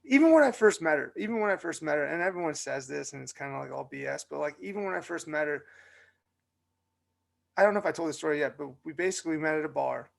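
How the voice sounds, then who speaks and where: Chatty man, gravelly voice. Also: on the high side, fast. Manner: animated, chatty storyteller with many fillers. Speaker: podcast co-host. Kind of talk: casual storytelling chat.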